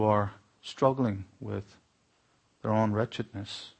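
Male pastor, husky tone, earnest sermon delivery with emphatic rises. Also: mid-range voice, animated, unhurried, pauses often. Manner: earnest preaching, rising to exclamations.

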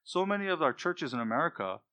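A man preaching a sermon with passion and strong emphasis, building to loud peaks on key points. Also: a little high, very animated, fast.

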